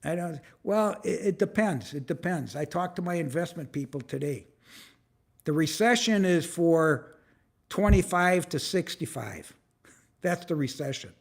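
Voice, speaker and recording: A man's voice: fairly high pitch, animated, a little slow, creaky. An older man in his seventies hosting a casual live stream from a camera on a tripod, rambling, frustrated and swearing as he greets viewers in the chat by name. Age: 70s. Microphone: phone or camera on a tripod.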